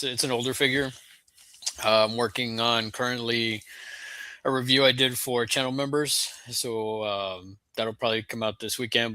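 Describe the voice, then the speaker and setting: Hesitant male guest, very bright tone, dry close sound. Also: medium pitch, no echo. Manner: hesitant, many fillers. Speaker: guest co-host. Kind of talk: casual chat.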